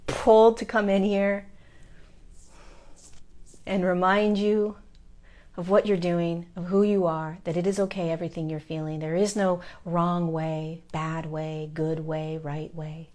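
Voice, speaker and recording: A woman's voice: fairly low pitch, little pitch movement, measured pace, darkish tone. A woman talking as a spiritual teacher, encouraging her viewers earnestly and repeating phrases for emphasis. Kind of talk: spiritual pep talk to viewers.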